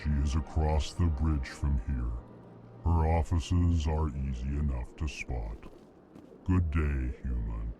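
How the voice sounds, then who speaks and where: A towering alien ambassador from a video game, his voice sunk to the very floor of his range. He speaks slowly and formally, stating his emotion before each line with no change in tone. Game music plays clearly behind him. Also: very deep voice. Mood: flat formal. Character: huge slow-moving male alien ambassador, formal and gloomy. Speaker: diplomat.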